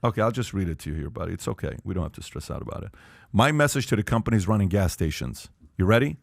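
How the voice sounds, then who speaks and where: A man's voice: lowish voice, expressive, quick pace, gravelly, dry recording, studio quality. Emphatic man hosting a podcast. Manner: emphatic, rhetorical questions to the panel. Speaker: podcast host. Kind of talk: animated podcast talk.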